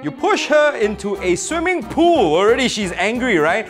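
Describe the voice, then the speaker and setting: Jokey Singaporean host with a lively voice. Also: male voice, very high-pitched, normal speed, music in the background. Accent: Singaporean English. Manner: jokey, rambling, lots of fillers. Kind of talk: comedic web news show.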